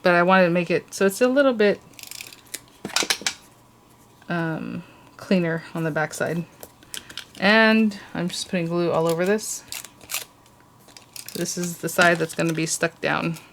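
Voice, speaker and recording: A woman's voice: fairly low pitch, a little slow, pauses often, noisy background. A woman hosting a casual crafting tutorial, chatty and gushing over cute details as she works.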